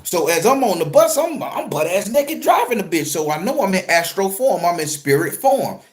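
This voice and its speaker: A man telling a personal story in a casual, profane, joking way, jumping from loud excited retelling to a low murmur. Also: moderate pace. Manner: crude, joking, streetwise slang. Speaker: spiritual content creator and tarot reader.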